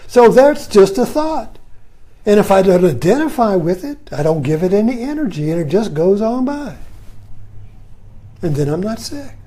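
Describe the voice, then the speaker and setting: Lively-pitched man giving a spiritual talk. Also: unhurried. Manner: repetitive, rhetorical questions, soft chuckles. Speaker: spiritual teacher.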